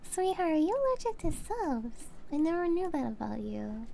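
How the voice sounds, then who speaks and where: Woman, game dev streamer, high voice, slow unhurried talk, playful, affectionate, casual chat. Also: vocal fry, warm tone, slight background noise.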